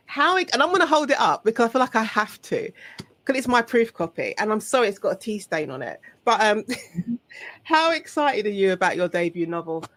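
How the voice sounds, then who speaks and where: A woman hosting a podcast interview, upbeat and brisk, laughing easily. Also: medium pitch, big pitch swings, a bit bright, no echo. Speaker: podcast host. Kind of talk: scripted podcast intro, then casual interview.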